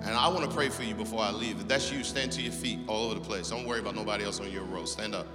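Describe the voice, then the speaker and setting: A middle-aged male pastor preaching a sermon, swinging between loud, animated exhortation and hushed storytelling. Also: on the low side, rapid-fire, loud music behind the voice. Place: church auditorium. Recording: long reverb of a large hall.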